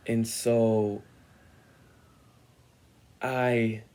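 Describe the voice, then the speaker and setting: A young man telling a personal story on his vlog, animated and dramatic as he acts out what others said. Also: mid-range voice, drawn-out words. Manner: animated, dramatic retelling with acted-out quotes. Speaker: vlogger.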